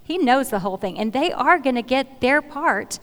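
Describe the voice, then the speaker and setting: A middle-aged woman speaks to a church gathering in an earnest, conversational way, often restarting phrases as she works toward her point. Her voice sits slightly high. The sound carries the long reverb of a large hall. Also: animated, normal speed. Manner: earnest, conversational, repeats phrases while finding words. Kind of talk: sermon-style Bible teaching.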